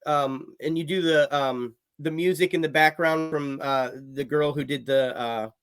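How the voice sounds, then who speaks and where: Male comedy co-host, high-pitched, animated riffing. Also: measured pace, clean tone, no room sound, studio quality. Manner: animated riffing, frequent laughter. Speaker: podcast co-host. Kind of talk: casual comedic chat.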